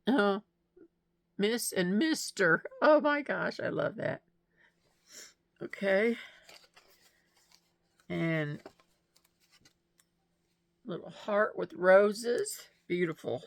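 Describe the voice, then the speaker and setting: Woman, casual vlog chat, gushing and chatty, dry close sound, unhurried. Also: mid-range voice, lively intonation, a bit bright, no room sound. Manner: gushing, chatty, laughs often. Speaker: vlogger showing mail and gifts.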